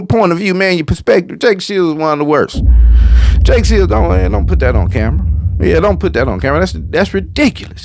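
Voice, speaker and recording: A man's voice: high-pitched, no echo. A man hosting a reaction video, commenting casually on a clip in a slangy, profane way.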